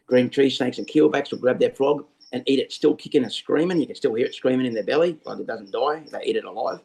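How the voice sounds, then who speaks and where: An Australian man, a snake catcher, explaining things over a video call in a lively storytelling way. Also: mid-range voice, poor audio. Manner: lively storyteller who acts out scenes. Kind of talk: casual explanatory interview talk.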